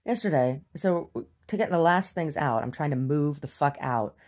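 A woman's voice: sits low, moderate pace, a little mellow. A woman recording a casual video diary, venting bluntly with plenty of swearing and mocking the people she talks about. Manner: blunt, profane, exasperated venting; mocks others in exaggerated voices. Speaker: video diarist.

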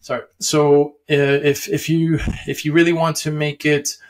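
A man's voice: on the high side, little pitch movement, measured pace. A young man casually explaining how stocks work, rambling with many fillers and restarts and chuckling often. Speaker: finance video host.

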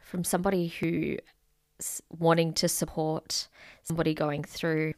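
A woman with a low, gravelly voice speaks gently and in a measured way. The recording is dry and close. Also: level tone, no echo. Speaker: co-host reading listener questions. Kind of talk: casual chat.

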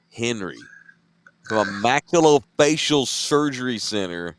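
A man's voice: lowish voice, lively intonation, a little slow, dry recording. A man with a Texan accent, co-hosting a late-night chat show, tired, rambling and laid-back with loose profanity. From Central Texas. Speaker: podcast co-host.

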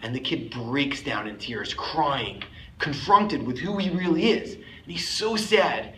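A man's voice: fairly high pitch, expressive, unhurried, fairly bright tone, slight background noise. A man giving a sermon as a rabbi, telling a story emphatically and lifting his voice on key words. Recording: echoey room, faint ambience.

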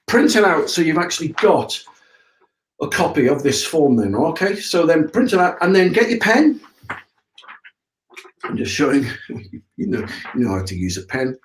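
A man's voice: a little high, sing-song, normal speed, pauses often, roomy sound, slight background noise, rough recording. A man hosting a casual live broadcast, explaining things step by step in a chatty way and checking in with listeners. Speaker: septic tank business owner hosting a live broadcast.

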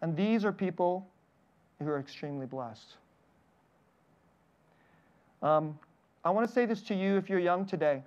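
A man's voice: high-pitched, unhurried, pauses often, a little mellow. A man in his thirties preaches to his congregation, moving between personal stories and scripture. He laughs lightly between lines and speaks plainly. The recording sounds a little dull and lo-fi. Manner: personal storytelling with frequent laughs. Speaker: pastor. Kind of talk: sermon.

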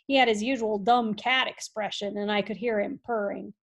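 A woman reading a storybook aloud in a folksy, expressive way that swings from hushed to loud. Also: mid-range voice, moderate pace, creaky. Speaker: audiobook reader. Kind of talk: storybook narration.

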